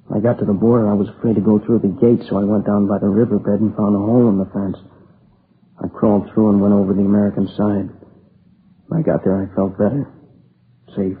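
An actor playing a grieving, exhausted young man who recounts an attack in a halting, shaken voice, in a 1950s radio crime drama. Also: fairly low pitch, lightly acted. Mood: weary. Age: young adult. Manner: shaken, halting, near tears. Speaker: robbery and murder witness. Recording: tinny old radio broadcast, faint hiss.

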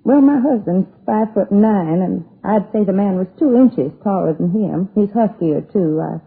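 A rambling, hesitant older woman in an old radio crime drama, her voice gravelly and very husky. The sound is narrow and lo-fi, like a vintage broadcast. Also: medium pitch, moderate pace. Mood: flustered. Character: aging woman, rattled, chatty, fretting over husband. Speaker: tavern owner's wife. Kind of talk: 1950s radio police drama.

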